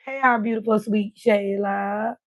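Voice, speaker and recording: A woman's voice: medium pitch, fairly even intonation, a little slow. A woman hosting her own live stream, chatting casually and talking straight to her viewers. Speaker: livestream host.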